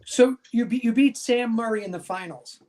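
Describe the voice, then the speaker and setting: A man's voice: extremely high pitch, moderate pace, darkish tone, slight background noise. A man hosting a talk show in a chatty way, often saying "you know.". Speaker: show host.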